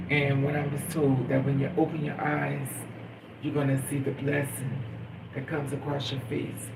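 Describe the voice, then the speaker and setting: A man's voice: on the high side, level tone, measured pace, creaky. A man talking in a casual spiritual monologue, earnest and rambling, repeating phrases like a chant. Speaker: vlogger. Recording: noisy, from a distance.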